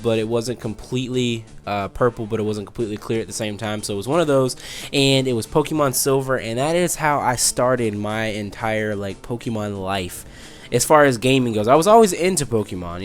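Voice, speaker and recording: A young man in his twenties talks casually over his gameplay, rambling and breaking off his story to react to the game. His voice sits at an ordinary middle pitch. Faint game music plays behind him. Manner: rambling, distracted, restarts mid-sentence while playing. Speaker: let's play host.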